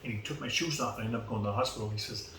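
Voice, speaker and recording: A man's voice: medium pitch, rapid-fire. A man in his fifties with a Boston accent, a podcast guest telling long stories and acting out who said what. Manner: animated, acts out quoted exchanges. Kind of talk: casual storytelling. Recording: roomy, distant mic, faint background noise.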